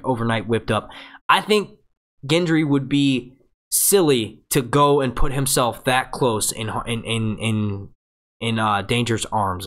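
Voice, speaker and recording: Excitable, profane man streaming live. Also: medium pitch. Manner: excitable, profane and jokey, does quick impressions. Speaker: livestream host. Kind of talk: casual live show breakdown. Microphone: webcam mic with green screen.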